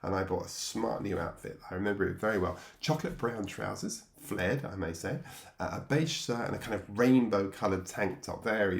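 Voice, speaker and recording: A man's voice: low voice, creaky, reverberant. An English man, middle-aged, telling his own life story in a reflective, wry way and chuckling at himself. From England. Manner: reflective, wry, laughs at himself, acts out voices from memory. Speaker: memoir narrator. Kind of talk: personal storytelling.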